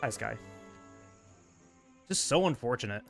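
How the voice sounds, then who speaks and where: A man's voice: medium pitch, lively intonation, a little slow, creaky, a bit bright, soft background music. A man streaming a speedrun live, commenting on his gameplay and venting in frustrated rants. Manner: frustrated ranting, venting at the game.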